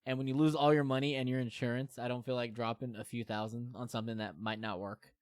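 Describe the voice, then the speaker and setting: Candid streamer man, smooth dry voice. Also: mid-range voice, little pitch movement, quick pace, dry recording. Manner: rambling, candid, self-deprecating, many fillers. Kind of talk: casual chat to stream viewers.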